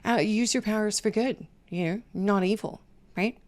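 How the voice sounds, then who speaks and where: A woman's voice: mid-range voice, normal speed, a little mellow, soft background music. A woman hosting a podcast, giving casual life advice, talking conversationally and checking in with "right?" at the end of her points. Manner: conversational, keeps asking "right?", sometimes drops to a whisper. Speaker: podcast host.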